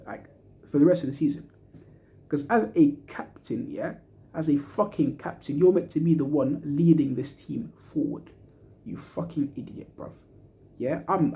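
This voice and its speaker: A young man lets loose an angry football rant, full of swearing and slang. His voice sits a little high, with a dark, mellow tone. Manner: frustrated, swearing, slang-heavy ranting. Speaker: football fan reacting to a match. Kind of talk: angry post-match fan rant.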